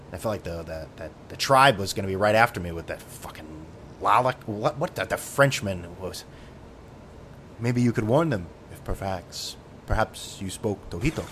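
A man's voice: low voice, fairly bright tone, a little hiss or hum. A man hosting a podcast, talking in a sardonic, profane, rambling monologue full of tangents. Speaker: podcast host.

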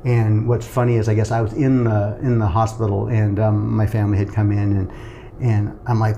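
A man's voice: lowish voice, fairly even intonation, fairly quick, creaky, dark tone, a little hiss or hum. A middle-aged man telling a personal story in casual conversation, acting out the voices of the people in it. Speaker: guest telling his story.

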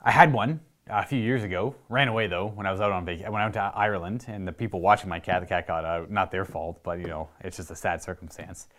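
Chatty Canadian man, slightly low voice. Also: steady tone, fast talker, fairly bright tone. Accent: Canadian (Ontario). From Canada, Ontario. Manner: rambling, chatty, with frequent restarts and asides. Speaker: host answering viewer questions. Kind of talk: casual chat to camera.

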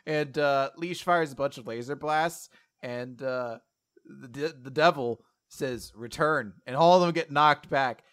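A man co-hosting a casual chat, animated, laughing often and acting out the quotes. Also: mid-range voice, unhurried, clean tone. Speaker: podcast co-host.

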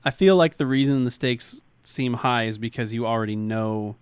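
A man's voice: mid-range voice, normal speed, smooth, dry recording. A man co-hosting a casual movie podcast, speaking tentatively and hedging. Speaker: podcast co-host. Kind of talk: casual chat.

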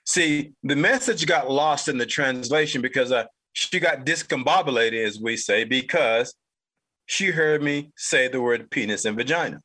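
A man's voice: mid-range voice, moderate pace, sharp tone. A man in his fifties, originally from North Carolina, hosting a podcast and telling a rambling, repetitive personal anecdote. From North Carolina, United States. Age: 50s. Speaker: podcast host. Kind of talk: casual storytelling monologue.

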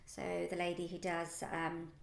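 A woman's voice: on the low side, monotone, measured pace, creaky. Chatty woman in an echoey room. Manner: chatty, upbeat, rambling with fillers. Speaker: podcast co-host. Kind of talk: casual chat. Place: office or shared workspace.

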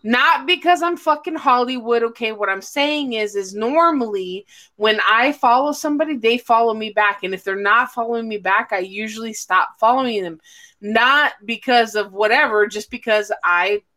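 A woman's voice: a little high, moderate pace, bright, forceful tone. A woman hosting a casual livestream chat with friends, talking freely, swearing and laughing often. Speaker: podcast host.

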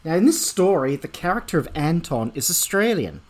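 A man co-hosting a comedy podcast with a brisk, officious manner. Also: on the high side, sing-song. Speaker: podcast co-host. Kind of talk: comedy sketch and casual podcast chat.

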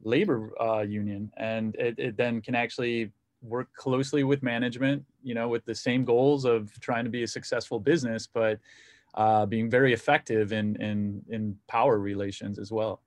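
Man asking measured questions. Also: mid-range voice, little pitch movement, dry recording. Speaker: interviewer. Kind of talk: thoughtful interview questions.

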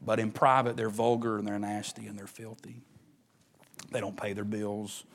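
A middle-aged man, preaching a sermon as pastor, swinging between emphatic rises and hushed near-whispers. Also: on the low side, flat delivery, moderate pace.

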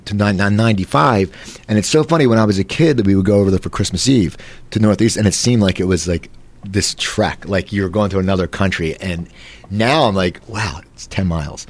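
On his casual talk show, a New Jersey host in his late forties rambles through anecdotes with many restarts, his voice fairly low and his pace a little quick.

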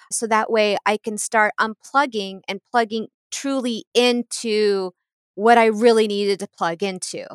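A woman's voice: fairly high pitch, dry recording. Chatty woman with a dry close sound. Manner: rambling, laughs often, animated quoting. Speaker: intuitive painter guest. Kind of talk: casual conversational storytelling.

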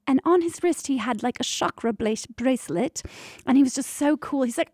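High-voiced, gravelly woman telling birth stories. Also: a little fast, no room sound, studio quality. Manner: animated, candid, playful, drops mild swears. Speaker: doula and prenatal yoga teacher. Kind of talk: casual storytelling monologue.

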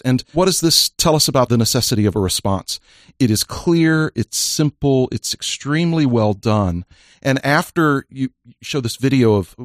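A mid-pitched man hosts a podcast in a jovial, earnest way. He is a pastor, and his voice is recorded dry and close, with no room sound. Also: no echo. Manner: jovial, earnest when explaining. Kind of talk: casual chat and enthusiastic endorsement.

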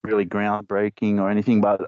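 A man's voice: lowish voice, monotone, a little fast, muffled recording, slight background noise. A man chatting casually on a podcast, rambling through stories and laughing at his own jokes. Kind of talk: casual chat.

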